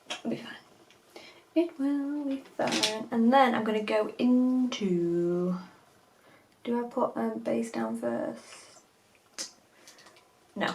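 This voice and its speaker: A woman's voice: fairly high pitch, creaky, a little mellow, slight background noise, poor audio. A woman vlogger chatting through a makeup tutorial, chatty and self-mocking, often dropping to a whisper. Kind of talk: casual makeup tutorial chat.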